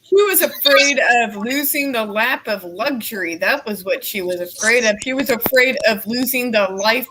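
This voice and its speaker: A woman's voice: fairly high pitch, normal speed, hardly any pauses, noisy background. A woman on a livestream panel, insisting emphatically and repeating her point. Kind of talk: casual livestream chat.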